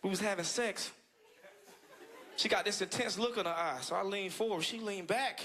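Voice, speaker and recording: A man from the United States doing a stand-up set, animated, jumping into high-pitched act-outs and laughing through his lines. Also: moderate pace. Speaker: stand-up comedian. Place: comedy club stage with live audience. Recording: loud crowd laughter in club.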